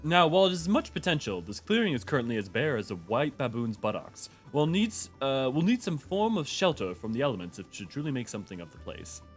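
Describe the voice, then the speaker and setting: A man's voice: medium pitch, very animated, fairly quick, few pauses, faint music behind, natural voice. A man voicing a pompous, demanding little furry creature on a game stream, reading its lines in a haughty, mock-formal way. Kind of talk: reading game dialogue aloud in character.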